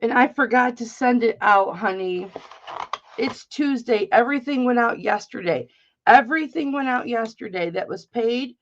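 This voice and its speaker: Selling jewelry in a live auction, a middle-aged woman talks casually at a normal speed in a slightly high voice, swearing freely and greeting viewers by name. The stream audio is dull and lo-fi, with slight background noise.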